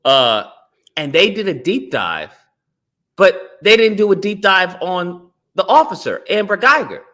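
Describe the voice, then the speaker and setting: Man guest, high lively voice, animated storyteller, acts out quotes. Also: a little slow. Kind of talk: casual podcast chat.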